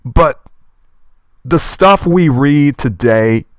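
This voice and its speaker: A young man with a slight lisp rambling in animated commentary while reading a manga aloud, dropping in old-fashioned verb endings. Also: on the high side, dry recording, clean studio sound. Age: young adult. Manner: animated, fast and passionate talker.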